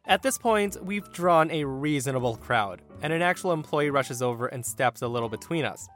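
A man hosting a podcast, reading revenge stories aloud with sarcastic, animated delivery. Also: on the high side, normal speed, hardly any pauses, faint music behind. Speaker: podcast host.

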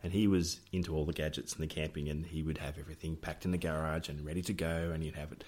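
A man's voice: a bass voice, level tone, quick pace, darkish tone. A middle-aged Australian man co-hosting a podcast, telling family stories in a jokey way and laughing often. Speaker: podcast co-host. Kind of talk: casual storytelling chat.

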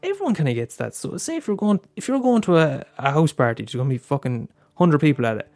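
A man's voice: fairly high pitch, sing-song, quick pace, darkish tone, no echo. A young Irish man hosting a casual solo podcast, talking candidly with frequent swearing and stammered restarts. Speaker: podcast host.

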